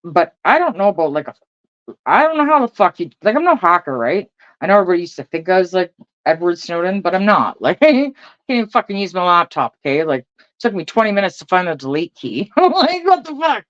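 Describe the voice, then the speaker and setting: A woman's voice: on the low side, big pitch swings, fast, a bit bright, no room sound. Lady in her 40s or 50s venting, swears a lot, keeps laughing, dry lo-fi sound. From Canada. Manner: blunt and profane, laughs often between lines. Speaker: vlogger. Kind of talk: casual profane rant.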